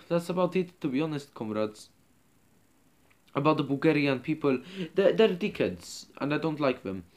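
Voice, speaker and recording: A man hosts his channel with an in-character comedy rant, talking in a fairly high voice that swings up and down a lot. He rambles and hesitates, restarting lines and stacking ums. He keeps addressing his viewers as comrades, each time letting his voice sink low. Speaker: channel host.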